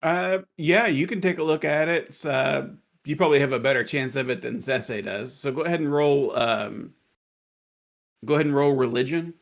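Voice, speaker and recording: A man narrating as game master in a tabletop game, joking and punning as he slowly describes the scene. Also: mid-range voice, gravelly.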